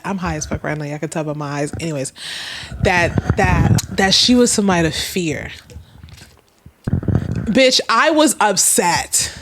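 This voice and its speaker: A young woman, telling a story casually and animatedly, swearing and acting out quoted lines. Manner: animated, swearing, acts out quoted dialogue with big pitch jumps. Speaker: storytime vlogger.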